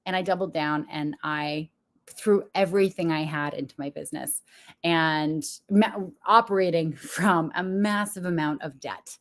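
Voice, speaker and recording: A woman's voice: sits low, a little slow. A young adult woman, a business coach, talking frankly and confessionally to viewers with frequent laughs. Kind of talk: candid motivational talk to viewers.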